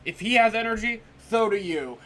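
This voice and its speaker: Hyped guy on stream cussing at the screen, pitch a bit high, bouncy. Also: moderate pace, faint music behind. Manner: excitable, swears, talks to chat. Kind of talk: let's play commentary.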